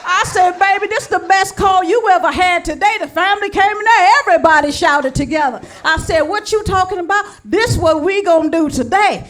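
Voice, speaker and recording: A woman doing stand-up, telling a story with lively dialogue and acting out both sides of phone calls. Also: very high-pitched, brisk, few pauses, some chatter behind. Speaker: stand-up comedian. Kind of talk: stand-up comedy routine.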